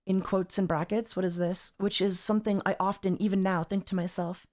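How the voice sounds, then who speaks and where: A woman's voice: mid-range voice, fairly even intonation, a little fast, a little mellow. A woman streamer reacting on a live stream, rambling and exasperated, repeating herself as she talks. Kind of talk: casual livestream commentary.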